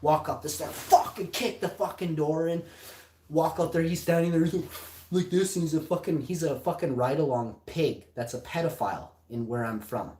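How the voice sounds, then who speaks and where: A man's voice: a little high, normal speed, a little hiss or hum. Foul-mouthed man, roomy echo. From Canada. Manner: heavy swearing, loud and heated. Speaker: podcast host. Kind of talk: livestream storytelling.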